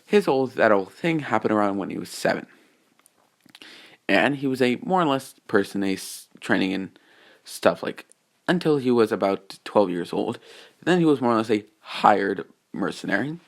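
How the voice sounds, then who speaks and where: Gravelly low-voiced man rambling through a story. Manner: meandering, full of restarts and filler phrases. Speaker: fan fiction storyteller. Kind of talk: casual rambling story retelling.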